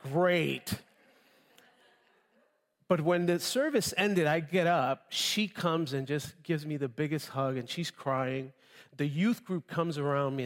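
A man preaching a sermon, telling his conversion story in an animated way and addressing the congregation. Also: fairly high pitch. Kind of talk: sermon with personal testimony. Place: church hall with long reverb. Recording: reverberant church hall.

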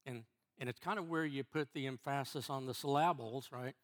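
A middle-aged man, a church elder, preaching a sermon in a halting way, repeating words and restarting before stressing key phrases. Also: mid-range voice, fairly bright tone.

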